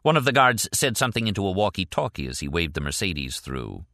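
A man narrates a novel in a steady, deliberate manner. His voice is very deep but crisp and forceful. The recording is close and dry. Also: dry recording. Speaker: audiobook narrator. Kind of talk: scripted narration.

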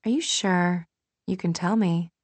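A woman reading an audiobook, voicing an upbeat, coaxing young woman a little higher and louder than her narration. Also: measured pace, no room sound. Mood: bright, coaxing.

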